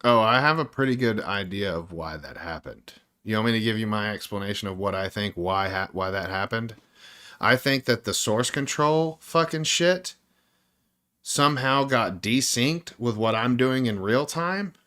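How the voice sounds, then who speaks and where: A man's voice: lowish voice, normal speed, sharp tone. Frustrated man ranting while he codes. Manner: frustrated ranting, heavy swearing. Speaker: indie game developer streaming his work. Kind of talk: casual livestream chat while working.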